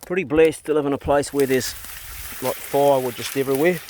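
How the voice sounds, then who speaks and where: A man's voice: mid-range voice, fairly even intonation, fairly quick, a little mellow, a little hiss or hum. Laid-back New Zealand man on a farm. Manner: laid-back, chatty, blunt and joking. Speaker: vlogger. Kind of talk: casual rural vlog narration. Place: rural farm, outdoors. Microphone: handheld phone or camera.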